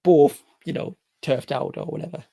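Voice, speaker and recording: A man playing a tabletop game, explaining plans with halting starts and restarts. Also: on the high side, mellow, dry recording. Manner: halting, restarts, 'you know'. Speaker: player. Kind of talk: casual tabletop play.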